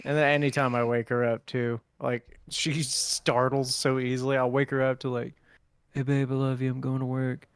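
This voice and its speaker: A young man co-hosting a podcast tells funny stories in a casual storytelling chat. His voice is smooth and medium-pitched at a normal speed, and he's an animated storyteller who acts out quotes and swears freely.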